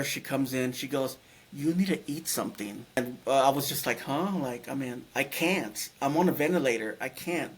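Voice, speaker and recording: A middle-aged man telling a personal story in a casual, rambling way, full of restarts and fillers. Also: medium pitch. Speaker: guest telling his near-death story.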